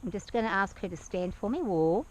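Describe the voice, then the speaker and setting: An anxious woman talking to camera while on horseback outdoors, hesitant and soft-spoken, speaking gently to her horse, recorded on a worn action camera. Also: medium pitch, fast. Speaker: nervous horse rider. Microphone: action camera worn by the rider.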